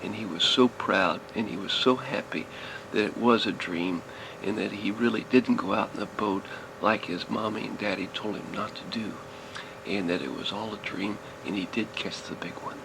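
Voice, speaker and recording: A man's voice: on the low side, normal speed, gravelly. An older man telling a children's story in a folksy, rambling way, often restarting his sentences. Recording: noisy recording, vehicle noise behind.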